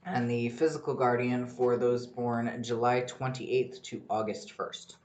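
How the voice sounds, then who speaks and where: A man hosting a casual solo podcast in a rambling, excitable way, with frequent swearing. His voice sits at an ordinary middle pitch. The room around him is noticeably echoey. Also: unhurried. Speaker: podcast host.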